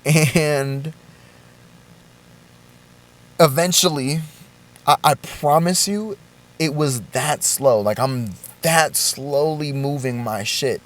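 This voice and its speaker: A young man vlogging a confessional story, shaken and halting, with swearing and frequent restarts. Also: a little high.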